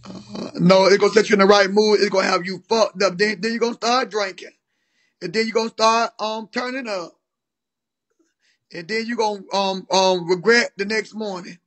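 A man's voice: high voice, fairly even intonation, normal speed, fairly bright tone. A man hosts a casual chat. He teases his guest with mock concern and ribbing questions.

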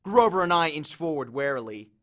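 A man reading a novel aloud, telling the story in a fairly high voice that rises and falls a lot. His delivery is expressive and animated as he moves through the action. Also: brisk. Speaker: audiobook reader.

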